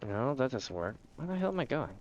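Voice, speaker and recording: A man's voice: mid-range voice, a little fast, lo-fi sound, slight background noise. A man streaming a game, chatting casually and telling rambling stories with laughter. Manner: rambling, animated storyteller who often laughs and slips into voices.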